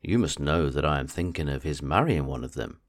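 A man reading aloud voices an excitable middle-aged mother, raising his pitch and pushing eagerly. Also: brisk. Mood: eager, insistent. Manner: eager, insistent, raised pitch.

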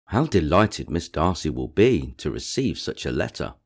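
A man reading the part of a fawning young society woman who gushes with flattery in an audiobook. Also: a bass voice, moderate pace, creaky, slightly rough, exaggerated voice. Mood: gushing. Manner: gushing, eager to please.

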